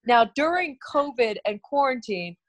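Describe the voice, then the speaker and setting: A middle-aged woman, a TV host, chatting in an interview in an animated way, laughing often and restarting her sentences. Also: high voice, moderate pace. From Korean heritage. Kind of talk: casual interview chat.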